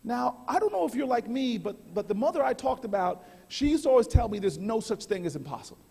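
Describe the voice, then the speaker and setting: A man giving a keynote at a banquet, telling a humorous story with animated delivery and frequent restarts. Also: very high-pitched, a little fast, creaky, husky. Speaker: keynote speaker. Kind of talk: storytelling speech. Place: large banquet hall. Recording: echoey hall, heavy reverb.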